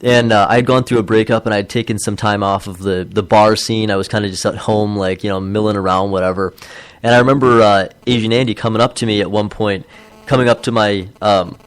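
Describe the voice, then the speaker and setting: A man's voice: fairly low pitch, brisk, smooth, dry recording. A man in his thirties chatting casually as a podcast co-host, telling stories and acting out the quotes. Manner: animated storyteller, acts out quotes. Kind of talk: casual chat.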